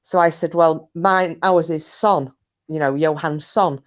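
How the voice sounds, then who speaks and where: Chatty woman, low voice. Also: fairly even intonation, a little slow. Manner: chatty, explains at length with fillers. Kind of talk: casual chat. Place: at home.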